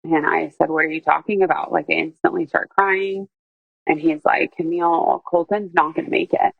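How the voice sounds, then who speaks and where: A woman with a lowish voice tells a personal story in a loose, rambling way, full of fillers and quoted speech. The recording is dry, with a slightly dull, muffled sound. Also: steady tone, normal speed, vocal fry, dry recording. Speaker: guest telling her story.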